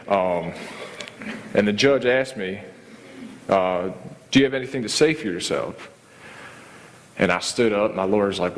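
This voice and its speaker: A man sharing his personal testimony in a halting, casual way, full of fillers and restarts. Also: sits low, in a large hall. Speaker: testimony speaker.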